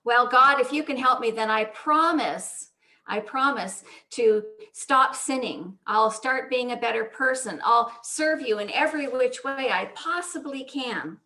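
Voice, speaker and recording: A woman voicing a terrified man who hangs from a cliff branch and yells frantically for help. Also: measured pace, heavily acted. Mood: pleading. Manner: frantic yelling, high and pleading.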